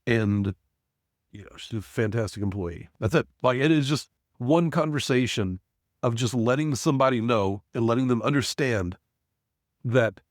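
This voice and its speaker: A man's voice: mid-range voice, normal speed, no echo, studio quality. A man in his forties, a podcast guest, telling a work story in casual conversation with lots of fillers and restarts. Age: 40s. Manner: rambling, frequent restarts and fillers. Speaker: podcast guest, business owner.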